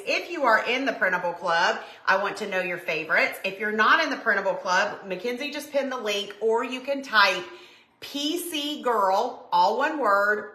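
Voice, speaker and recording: A woman's voice: mid-range voice, bright, forceful tone. A woman hosting a casual live stream, chatty and gushing, calling her viewers y'all. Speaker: livestream host showing craft printables. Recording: roomy echo.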